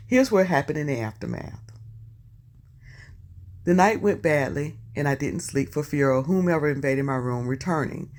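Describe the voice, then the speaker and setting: A woman's voice: low-pitched, a little mellow. Chatty Southern woman vlogger. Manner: chatty, breaking in with asides and exclamations. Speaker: YouTube commentator. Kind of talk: reading posts aloud with commentary.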